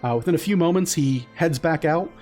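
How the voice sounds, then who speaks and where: A man's voice: on the high side, brisk, darkish tone, soft background music. A man narrating as game master in a loose, casual way with many fillers.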